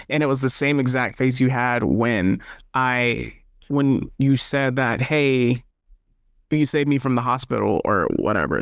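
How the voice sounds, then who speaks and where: A man's voice: mid-range voice, clear, resonant tone, dry recording, clean studio sound. A man co-hosting a podcast, talking through why a scene works and tying it to the show's themes. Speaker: podcast co-host. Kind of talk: casual analysis chat.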